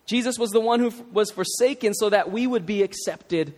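Male pastor, conversational sermon delivery, lifted pitch, reverberant church hall. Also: brisk, a little mellow. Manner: conversational, emphatic preaching. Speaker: preacher.

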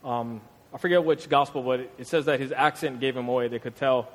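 A young man from Hawaii, preaching a casual, slang-filled sermon in a conversational, animated way. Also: mid-range voice, fairly quick. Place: church hall. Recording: long hall reverb.

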